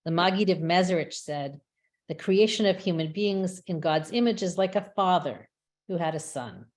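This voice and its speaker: A woman giving a measured, reflective prepared talk as a webinar speaker, with small restarts now and then. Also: fairly low pitch, a little mellow. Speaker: rabbi and chaplain speaker. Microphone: webinar microphone.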